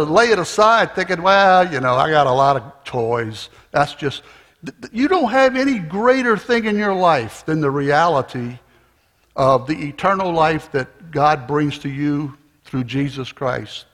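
A man with a fairly high voice delivers a sermon at a very slow, deliberate pace, explaining points like a teacher and often restarting his phrases. His voice rings out with the long reverb of a large church hall. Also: expressive, a bit bright. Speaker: preacher.

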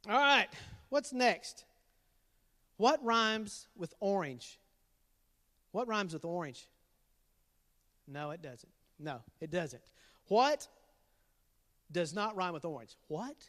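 A man's voice: sits high, sing-song, slow, long pauses, a bit bright. Joking middle-aged man in a hall. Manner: jokey, teasing, laughs at his own jokes. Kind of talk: playful dad jokes to an online youth group.

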